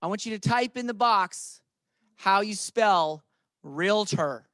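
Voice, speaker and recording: A man's voice: high-pitched, expressive, takes it slowly, a bit bright, no echo, studio quality. A man leading a real estate training session, playful and emphatic, talking to the room and to viewers online.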